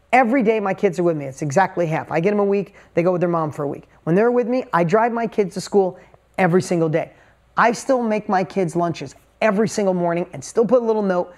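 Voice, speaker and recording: A man in his forties speaks to a live audience as a motivational speaker. He tells a personal story with emphatic, intense delivery. He drives his points home with short, repeated phrases. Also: sits high.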